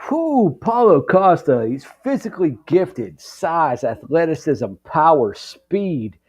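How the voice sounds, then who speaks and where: A man co-hosting a podcast, giving casual fight analysis in a halting way, with many ums. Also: on the high side, very animated, slightly rough. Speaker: podcast co-host.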